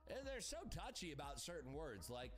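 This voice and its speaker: A man's voice: medium pitch, expressive, normal speed, soft background music. A young man livestreaming his trading, talking casually and crudely with hyped asides to his chat.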